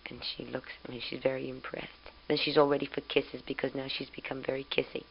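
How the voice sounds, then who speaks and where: A woman's voice: rumbling low, little pitch movement, brisk, gravelly, muffled recording, a little hiss or hum. A young woman recording a spoken letter on tape to her husband, chatty, fond and amused as she tells family news.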